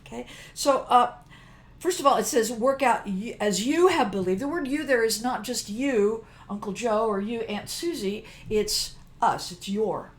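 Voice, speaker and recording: A woman's voice: fairly high pitch, measured pace. An older woman giving a casual devotional teaching, chatty and emphatic, often breaking off mid-phrase to restart. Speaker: worship teacher.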